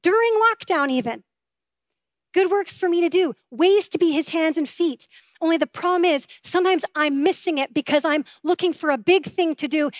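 High-voiced woman preaching earnestly. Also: moderate pace, dry recording. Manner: earnest, conversational preaching with rhetorical questions. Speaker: pastor. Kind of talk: sermon.

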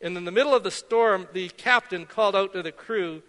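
A man's voice: high-pitched, a little fast, a bit bright. A middle-aged man from Canada preaching a sermon as pastor, conversational and self-deprecating, weaving in anecdotes. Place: church sanctuary. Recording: long reverb of a church hall.

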